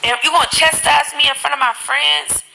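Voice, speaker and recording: Animated gravelly-voiced woman streamer. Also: high voice, fairly quick, a little hiss or hum, low-quality recording. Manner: animated, profane storytelling. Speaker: live streamer. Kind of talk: casual live-stream chat.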